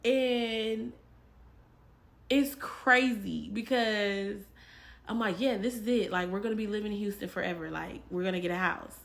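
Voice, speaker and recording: A woman's voice: medium pitch, a little slow, creaky. A woman from Texas telling a personal faith testimony in a rambling, casual way, with many fillers and repeated phrases. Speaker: vlogger.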